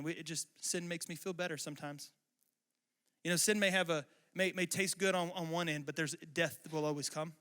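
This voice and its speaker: Pastor guy preaching, chatty and animated, smooth crisp voice. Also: a little high. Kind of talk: sermon.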